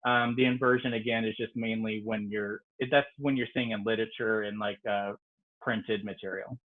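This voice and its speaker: A man's voice: on the low side, fairly even intonation, moderate pace. A man, a native English speaker, teaching an online French lesson in a casual, explanatory way with frequent ums. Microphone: video call. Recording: tinny video-call audio.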